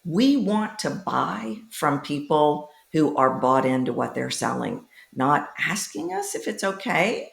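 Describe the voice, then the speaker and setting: Woman voice coach, low voice, emphatic, swooping pitch, roomy echo. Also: big pitch swings, unhurried, vocal fry, hardly any pauses. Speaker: voice coach guest. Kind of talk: podcast conversation.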